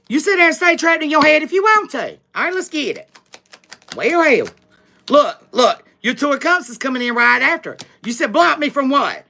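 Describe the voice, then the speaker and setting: A woman's voice: high voice, very animated, moderate pace, gravelly, sharp tone. A woman giving a live tarot reading, talking in a sassy, emphatic way straight to her viewers, with frequent laughs. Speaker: tarot reader.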